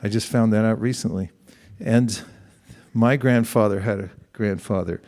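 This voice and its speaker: A man's voice: fairly low pitch, normal speed, darkish tone. A middle-aged man giving a conversational sermon, asking the audience questions and acting out quoted exchanges. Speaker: spiritual teacher.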